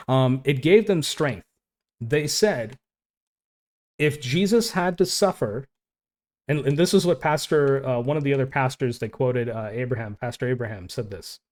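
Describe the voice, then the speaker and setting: A man's voice: medium pitch, darkish tone. A man giving casual, impassioned commentary, reading quotes aloud and reacting to them informally. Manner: passionate, informal, interjects with "man" and "dude". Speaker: online Christian commentator.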